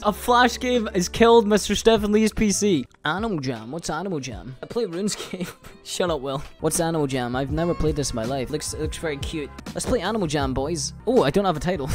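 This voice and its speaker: A young man commentating a live gaming stream, excitable, swearing casually and laughing often. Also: high voice, brisk, faint music behind.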